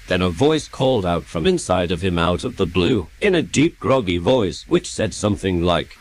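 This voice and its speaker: A man narrating a first-person story in an earnest, steady way. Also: low-pitched, normal speed, hardly any pauses. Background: loud music.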